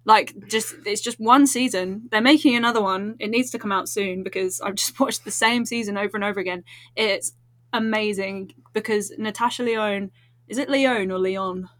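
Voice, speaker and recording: A woman's voice: mid-range voice, steady tone, moderate pace, a bit bright, no room sound. Bubbly, giggly woman on a dry mic. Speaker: podcast guest. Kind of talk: casual podcast chat.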